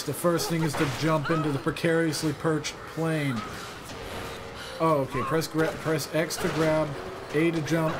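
A man's voice: on the high side, noisy background. A young man giving casual, joking commentary while playing a video game, rambling and sarcastic. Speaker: let's play gamer.

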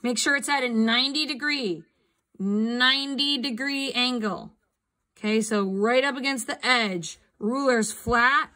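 A woman's voice: fairly high pitch, unhurried, bright, forceful tone. A woman art teacher giving a live online drawing lesson over a video call, chatty and upbeat, coaxing her students to answer. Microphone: computer mic on a video call.

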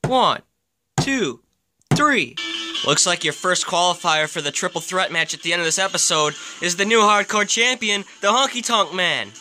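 Excitable man doing mock wrestling commentary. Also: high-pitched, normal speed, over music. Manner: excitable, exclaiming, deadpan asides.

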